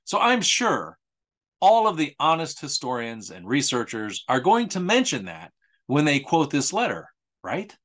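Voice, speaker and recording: Guy hosting a history podcast, kinda high voice, super sarcastic, disbelieving everything. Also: huge pitch swings, unhurried, fairly bright tone. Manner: sarcastic, incredulous, mocking. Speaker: host.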